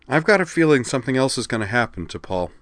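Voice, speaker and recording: A man voicing a brash, confident woman admiral giving brisk commands. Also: medium pitch, very animated, a bit bright, dry recording, pitched above the performer's own voice. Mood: cocky commanding.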